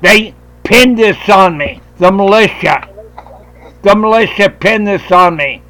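Man, talk radio host, high voice, combative, swearing, loud rant. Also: slow, rough recording.

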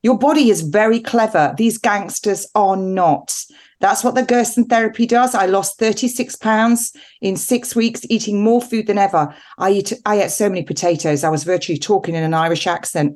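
A woman's voice: medium pitch, moderate pace, darkish tone. A woman nurse prescriber talking as an interview guest, emphatic and rambling, with a defiant edge. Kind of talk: animated interview talk.

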